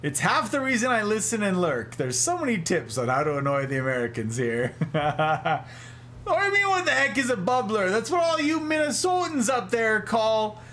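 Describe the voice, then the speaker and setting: Playful, lively high-voiced male streamer. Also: moderate pace, slight background noise. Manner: playful, teasing, joking mispronunciations; laughs often. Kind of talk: casual livestream chat with viewers.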